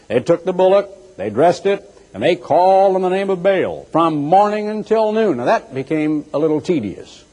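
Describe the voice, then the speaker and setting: A man preaching a sermon in an animated, teasing way, acting out mocking voices as he goes. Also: sits high, moderate pace. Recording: echoey hall with long reverb.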